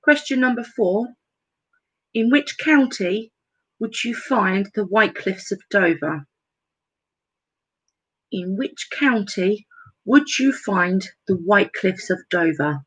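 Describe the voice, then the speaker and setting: A woman's voice: medium pitch, expressive, takes it slowly, pauses often, fairly bright tone, breathy edge, low-quality recording. A woman with a Northampton accent hosting an online pub quiz from home over a computer mic, reading questions twice and joking between them. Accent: English Midlands, Northampton. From England. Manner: chatty, self-mocking asides between questions. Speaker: quiz host.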